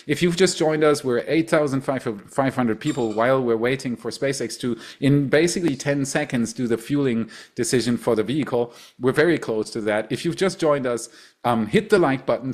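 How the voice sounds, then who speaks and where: A middle-aged man with a German accent chats casually on a livestream in English, which is not his first language. He rambles, restarts phrases and repeats words as he goes. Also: mid-range voice. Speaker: livestream host.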